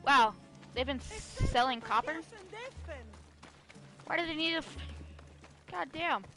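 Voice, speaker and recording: A woman streaming a video game live, talking back to the characters loudly and cursing freely. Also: high-pitched, lively intonation, unhurried, soft background music. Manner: loud, profane, talks back to the game. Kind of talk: live gaming commentary.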